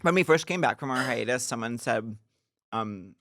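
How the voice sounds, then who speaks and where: A man's voice: mid-range voice, expressive, normal speed, bright, forceful tone, no echo. Chatty man co-hosting, dry close mic. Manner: chatty anecdotes with trailing asides. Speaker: podcast co-host. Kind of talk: casual chat.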